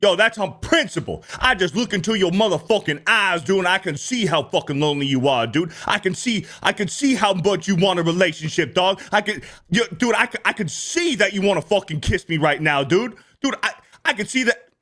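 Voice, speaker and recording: A man's voice: high-pitched, animated, fairly quick, fairly bright tone, voice pushed up. A man voicing a mocking, swaggering young tough guy, full of exaggerated slang and sneering.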